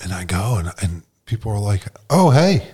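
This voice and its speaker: Lowish-voiced New York man telling a story. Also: brisk, breathy edge. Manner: animated, slangy, acts out quoted voices. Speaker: guest. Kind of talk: casual storytelling.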